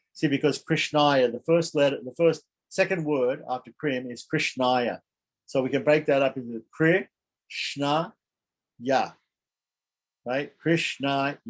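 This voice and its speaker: Man of average pitch leading a scripture lesson, unhurried, self-correcting, slow careful chanting. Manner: halting, thinks aloud with restarts and asides; chants mantras slowly and carefully. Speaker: teacher. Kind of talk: scripture class lecture.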